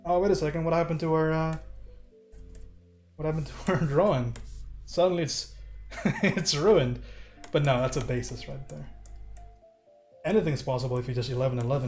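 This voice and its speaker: Man, slightly high voice, casual joking painting streamer, talks to chat, faint background music. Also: steady tone, normal speed, pauses often, a little mellow. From United States. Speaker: streamer teaching digital painting. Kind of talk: live-stream painting tutorial, chatting with viewers.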